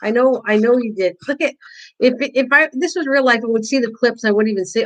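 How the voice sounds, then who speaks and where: A woman's voice: fairly high pitch, fast, a bit bright, rough recording. An older woman hosting a casual live-stream craft tutorial, chatting with viewers, teasing them and laughing often.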